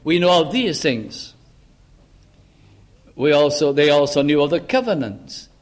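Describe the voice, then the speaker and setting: A man preaching a sermon in church, earnest, slowing down and lifting his voice on the words he stresses. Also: a little high, sing-song. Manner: earnest, slows down and rises for emphasis.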